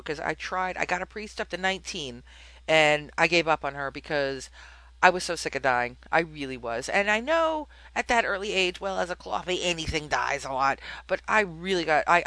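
Lively, bright-voiced woman podcast host. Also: fairly low pitch, no echo, poor audio. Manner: animated, exclamatory rambling. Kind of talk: casual gaming podcast chat.

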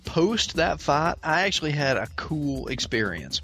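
A man's voice: on the high side, sing-song, a little slow, fairly bright tone, soft background music. Man chatting on a gaming podcast. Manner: reads a listener's story aloud, then chats with laughing asides. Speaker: podcast host. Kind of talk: casual gaming podcast chat.

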